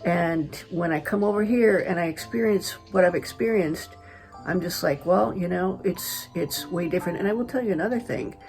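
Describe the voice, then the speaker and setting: A middle-aged woman from California, chatty and animated, telling a personal story to camera as a travel vlogger. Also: fairly low pitch, moderate pace, faint music behind. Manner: chatty, animated retelling with quoted dialogue.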